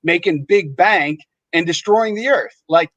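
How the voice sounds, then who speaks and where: Brief: chatty podcast host man, slightly higher voice, dry dull lo-fi sound, acts out everyone's lines. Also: a little slow, dry recording. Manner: animated, acts out other people's lines in shifting voices. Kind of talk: casual storytelling chat.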